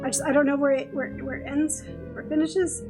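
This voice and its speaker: A woman streamer with a high voice talks through her plans in loose, rambling asides and keeps correcting herself. Faint music plays softly underneath. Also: fairly even intonation, fairly quick. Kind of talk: cold-reading a visual novel aloud.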